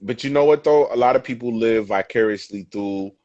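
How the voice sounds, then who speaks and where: A man on a casual podcast, telling stories in an animated, profane way. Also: medium pitch, a little fast. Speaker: podcast guest. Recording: dull lo-fi sound.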